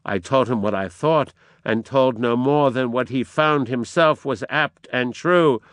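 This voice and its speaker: Man reading desperate menacing schemer, harsh, slow, smooth voice, dry. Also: mid-range voice, no room sound, close to an everyday voice.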